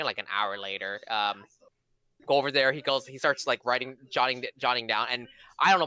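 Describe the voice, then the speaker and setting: Podcast co-host, young man, bright clear tone, rambling anecdotes, dry close sound. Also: medium pitch, dry recording. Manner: rambling, many fillers and restarts. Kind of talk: casual storytelling chat.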